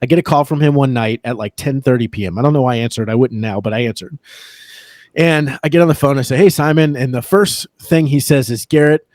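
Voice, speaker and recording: A man shares a story as a guest on a podcast. His delivery is animated, and laughter breaks through his sentences often. His voice is mid-pitched, and the recording is dry, with no room sound. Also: fast, no echo. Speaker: real estate agent, podcast guest. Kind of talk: casual storytelling in a podcast chat.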